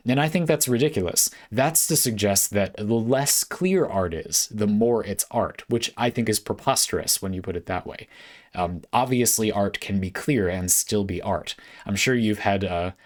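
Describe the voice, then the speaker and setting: A man's voice: lowish voice, normal speed. A man talking casually to camera at home, answering a viewer's question and thinking aloud with fillers, restarts and short laughs. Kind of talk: casual spoken essay to camera.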